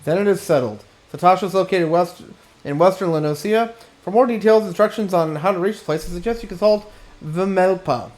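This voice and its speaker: Man reading as a stern officer, formal, weary, high voice. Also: a little fast, a little mellow, close to an everyday voice.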